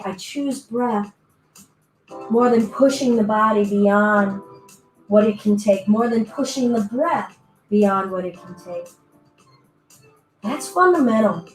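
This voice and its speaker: A fairly high-voiced woman leads a yoga class in an echoey room, soft music playing faintly behind her. She talks casually and playfully, cueing stretches and giving her breath and hips little voices of their own. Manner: playful, chatty, voices her body parts in little asides. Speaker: yoga teacher. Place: indoor room, virtual class.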